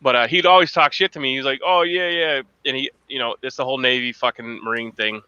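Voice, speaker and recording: A man's voice: mid-range voice, fairly even intonation, quick pace, pushed and bright, clear, resonant tone, lo-fi sound. A man chatting casually as a podcast host, telling profane stories and laughing often. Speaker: podcast host, Marine veteran. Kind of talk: casual chat.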